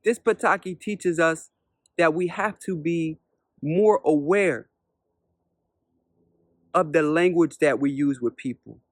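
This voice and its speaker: A man who is a spiritual teacher, telling a parable as a lesson in an unhurried way, repeating points and asking rhetorical questions. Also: a little high, no room sound, clean studio sound. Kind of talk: storytelling lesson.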